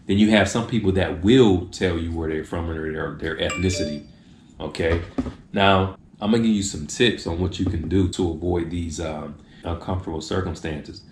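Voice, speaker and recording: Low-voiced man giving tips, roomy echo. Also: normal speed, slight background noise. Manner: acts out short exchanges in changed voices. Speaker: video host giving tips. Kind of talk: casual talk to camera.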